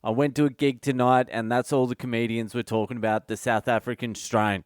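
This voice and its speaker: A man's voice: mid-range voice, level tone, fairly quick, smooth, no echo, studio quality. Swearing man in a sardonic rant. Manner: profane, ranting, sardonic. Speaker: comedian podcast host. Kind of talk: solo comedic monologue.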